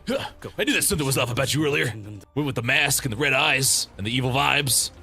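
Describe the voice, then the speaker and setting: A man's voice: medium pitch, lively intonation, quick pace, sharp tone, faint music behind, heavily acted. A man doing a put-on British accent as a blunt, hot-headed young brawler. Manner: blunt, mocking, rough-spoken.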